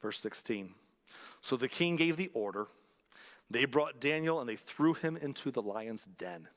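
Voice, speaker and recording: A man's voice: medium pitch, lively intonation, measured pace, a bit bright, in a large hall. A male pastor preaching a sermon, telling a story conversationally and driving points home through emphatic repetition. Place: church sanctuary.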